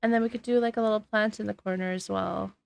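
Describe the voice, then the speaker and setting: A woman gives casual gameplay commentary at a quick pace, her mid-range voice gravelly and fairly even in intonation. She's sniffly, sleepy, and yawning while answering her chat, speaking into a desk microphone with no room sound.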